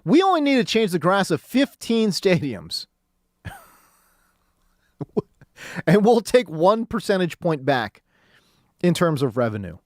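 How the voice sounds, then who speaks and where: A man's voice: high voice, big pitch swings, measured pace, long pauses, no room sound. A man hosting a sports talk radio show, ranting in a casual, slangy monologue from the studio.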